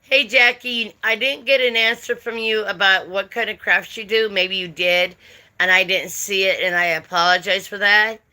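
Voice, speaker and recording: A woman's voice: medium pitch, fairly even intonation, normal speed, pushed and bright. A middle-aged woman, chatting casually on a livestream and greeting viewers by name. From United States. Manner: chatty, drawling, talks to chat readers by name. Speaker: livestream host.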